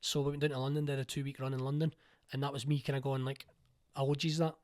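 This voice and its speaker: Glaswegian male, 40s, rapid and keen, rambling interview guest. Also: medium pitch, monotone, darkish tone. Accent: Glaswegian Scottish. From Scotland. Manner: fast, eager, rambling with restarts. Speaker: playwright and producer, interview guest. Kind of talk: casual interview chat.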